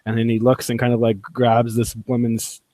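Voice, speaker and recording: Male player, mid-pitched, dry close audio. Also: monotone, normal speed, dark tone, dry recording. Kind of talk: rules talk and character narration.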